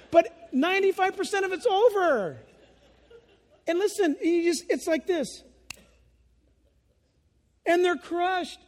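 A man preaching a sermon in an animated way, acting out the voices of children and laughing as he goes. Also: very high-pitched, moderate pace, pauses often, long reverb tail, slight background noise. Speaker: pastor.

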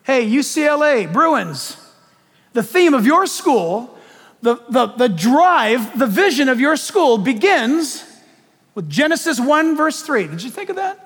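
A man preaching a sermon in an animated, joking way, putting questions to his audience. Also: extremely high pitch, a little slow, big-room sound.

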